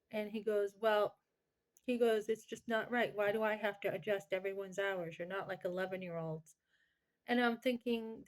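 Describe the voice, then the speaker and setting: A woman vlogging, retelling an argument with her boss in a frustrated, rambling way, with many fillers. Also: mid-range voice. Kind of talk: casual personal storytelling.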